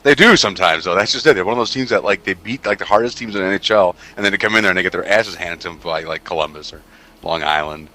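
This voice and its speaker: A man's voice: low-pitched, quick pace, pushed and bright. A man co-hosting a casual radio talk show, joking crudely and swearing often.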